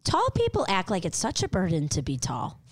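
A woman co-hosting a comedy podcast, chatting casually with deadpan, mock-dramatic jokes. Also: lowish voice, a little fast. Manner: trailing fillers like "like". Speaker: podcast co-host.

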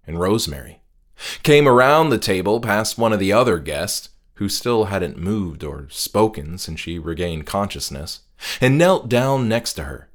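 A man narrating a horror short story in a measured, hushed delivery that trails off quietly at the ends of phrases. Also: on the low side.

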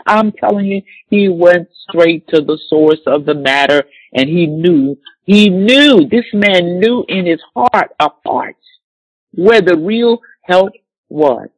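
Preacher, male, slightly high husky voice, emphatic repetition, dry close recording. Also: lively intonation, dry recording, rough recording. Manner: slow emphatic scripture reading, repeating key words. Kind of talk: sermon with scripture reading.

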